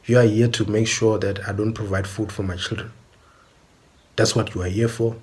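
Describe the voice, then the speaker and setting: Guy ranting on camera, low voice, pretty flat delivery, keeps asking if you get it. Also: moderate pace. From South Africa. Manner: insistent, often repeats "do you understand?". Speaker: commentator. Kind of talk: opinionated monologue.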